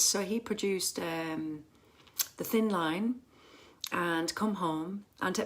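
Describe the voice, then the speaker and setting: Chatty woman rambling through a phone livestream. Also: medium pitch. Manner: chatty, rambling, lots of ums and restarts. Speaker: musician hosting a fan livestream. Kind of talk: casual livestream chat. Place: home. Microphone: phone camera.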